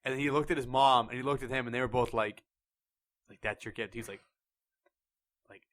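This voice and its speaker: A young man co-hosting a podcast in casual chat, animated and acting out quoted voices as he tells stories. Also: mid-range voice, brisk. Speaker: podcast co-host.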